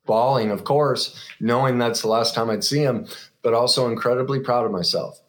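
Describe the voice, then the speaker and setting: A middle-aged man telling a personal story as a guest, earnest and reflective, often pausing and restarting. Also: mid-range voice.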